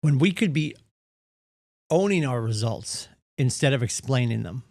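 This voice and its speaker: A man's voice: medium pitch, lively intonation, a little slow, gravelly, a little mellow, dry recording, studio quality. A man leading a real estate team's morning meeting, giving an earnest, punchy motivational talk and acting out the excuses people make. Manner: earnest, punchy, acts out quoted voices. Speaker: real estate team leader.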